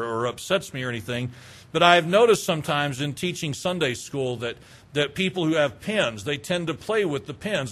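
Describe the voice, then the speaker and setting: A pastor with a fairly high, somewhat bright voice preaches a conversational sermon. He asks the congregation questions and acts out small everyday exchanges.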